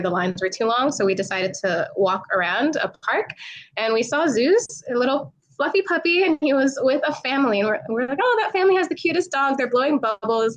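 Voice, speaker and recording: A woman's voice: a little high, rough recording. A woman from New York, a podcast guest telling a story in casual chat, laughing often and acting out what people said. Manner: laughs often, animated retelling with quoted voices. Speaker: podcast guest, travel creator.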